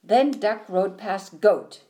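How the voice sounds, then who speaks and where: Slow, lively woman reading a picture book. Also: mid-range voice. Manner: expressive, sing-song storytelling. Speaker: storybook reader.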